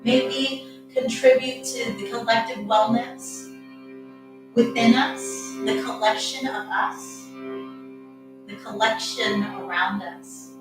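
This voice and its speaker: A woman yoga teacher guiding a relaxation with soft, calm, encouraging cues. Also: on the high side, takes it slowly. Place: practicing at home. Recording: very echoey room, distant mic, music behind.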